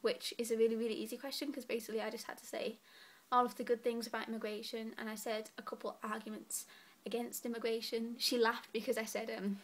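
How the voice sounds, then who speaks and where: A woman's voice: a little high, little pitch movement, fast talker, few pauses. A young woman in her late teens chatting casually to camera from her bed, giggly and rambling, a little out of breath. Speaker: student vlogger. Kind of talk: casual vlog chat. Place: bedroom, lying in bed.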